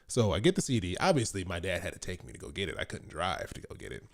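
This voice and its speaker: Low-voiced man telling a story. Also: huge pitch swings, fast, vocal fry. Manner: rambling, laughing, repeats words. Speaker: podcast co-host. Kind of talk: casual storytelling chat.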